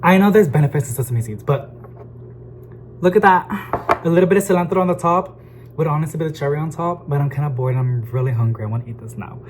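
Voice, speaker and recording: A man chatting casually to his viewers in a home vlog, excitable and talkative, calling them y'all. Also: a little high, fast talker, background noise. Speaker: plant vlogger. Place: home kitchen. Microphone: phone camera.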